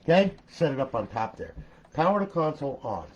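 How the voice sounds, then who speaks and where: An older man with a voice on the high side talks a little fast in a sing-song way, captured in lo-fi sound. Showing his modded game console setup, he rambles casually, says "okay?" and "all right" a lot, and swears occasionally.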